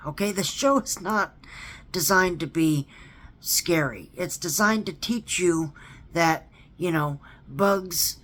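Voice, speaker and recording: A man's voice: a little high, sharp tone. A man ranting in a casual monologue. He stammers, repeats his words and keeps asking "okay?" to stress his points. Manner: earnest and emphatic. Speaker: theme park fan vlogger.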